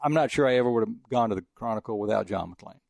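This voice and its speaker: Fast-talking gravelly older man. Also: medium pitch, darkish tone, no echo. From El Paso, Texas. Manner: rambling, chatty, frequent restarts. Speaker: veteran sportswriter guest. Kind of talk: casual storytelling interview.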